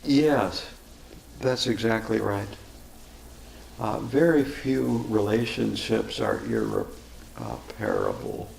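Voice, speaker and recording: An older man, a Buddhist teacher, answering questions with unhurried, chuckling stories. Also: fairly low pitch, big pitch swings, gravelly, a little mellow. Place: meditation center hall. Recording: echoey room, faint noise.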